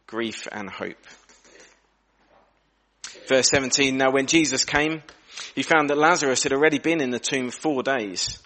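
A man's voice: medium pitch, fairly even intonation, a little fast, hardly any pauses, bright, forceful tone. Earnest male preacher giving a sermon. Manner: earnest, reflective, varies pace and volume for emphasis. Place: church.

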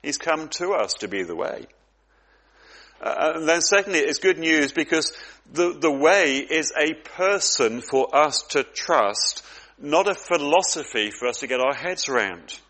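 A man's voice: fairly high pitch, lively intonation, a little slow, a bit bright. Earnest man preaching a sermon. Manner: earnest, reflective, with frequent repeated words.

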